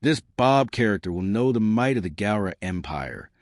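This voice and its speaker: A man's voice: fairly low pitch, sing-song, normal speed, dry recording, studio quality. A man voicing a pompous defeated alien commander. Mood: indignant. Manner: indignant, blustering.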